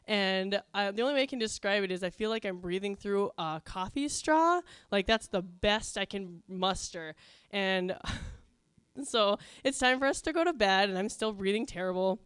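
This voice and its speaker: A woman's voice: medium pitch, expressive, moderate pace, fairly bright tone, clear, resonant tone, dry recording, clean studio sound. A woman telling a funny personal story to a live crowd in a chatty, wry, self-mocking way, with plenty of ums.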